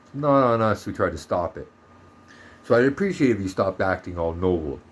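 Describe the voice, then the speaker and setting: A man's voice: sits low, lively intonation, fairly quick. A man from Canada ranting heatedly in a monologue vlog, swearing often and turning sarcastic. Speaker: vlogger.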